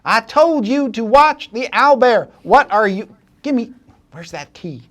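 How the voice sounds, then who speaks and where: A man doing a shrill, bossy woman barking orders. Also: animated, a little slow, fairly bright tone, full character voice. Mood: annoyed. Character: bossy, irritated woman guard outside door.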